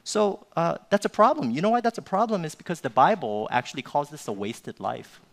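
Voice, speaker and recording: A man's voice: on the high side, animated, brisk, gravelly. A male pastor preaching a sermon in an informal, conversational way, often tagging his sentences with "you know" and "right?".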